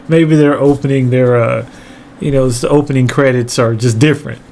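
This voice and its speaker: Animated, laughing man telling a story. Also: medium pitch, normal speed, a little hiss or hum. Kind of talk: comedic storytelling monologue.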